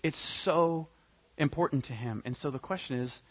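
A man preaching a sermon with a husky, somewhat high voice. He swings dramatically between loud, pressing emphasis and soft, hushed asides. The sound is a little dull and muffled. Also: moderate pace. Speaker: pastor.

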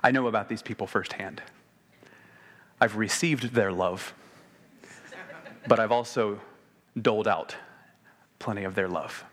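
A man preaching a sermon in a conversational way, slowing to quiet emphasis and then speeding up when animated. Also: lowish voice. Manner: conversational, shifts between slow quiet emphasis and quick animated delivery.

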